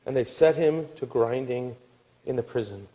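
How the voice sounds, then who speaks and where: A man preaching a sermon, telling a story with acted-out quotes and dropping to a hushed, weary tone. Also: mid-range voice, moderate pace, poor audio. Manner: animated storytelling, acting out quotes, dropping to a soft hush. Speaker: pastor.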